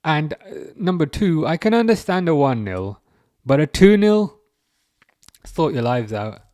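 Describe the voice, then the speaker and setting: A man's voice: a little high, big pitch swings, measured pace, a little mellow, dry recording, studio quality. A man hosting a football livestream, chatting casually, chuckling wryly and answering comments from chat. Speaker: livestream host.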